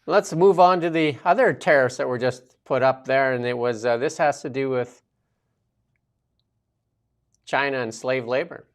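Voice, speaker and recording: A man's voice: mid-range voice, measured pace, long pauses. Male talk host, sarcastic, punchy rhetorical questions. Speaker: show host. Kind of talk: political commentary talk show.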